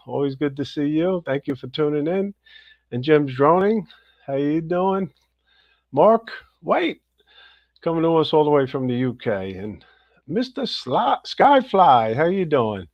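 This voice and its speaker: A man's voice: a little high, a little slow, no echo. Upbeat man greeting livestream viewers. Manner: upbeat, greets viewers by name in a lively rising voice. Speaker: livestream host. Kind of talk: casual livestream chat. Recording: dull, slightly lo-fi dry sound.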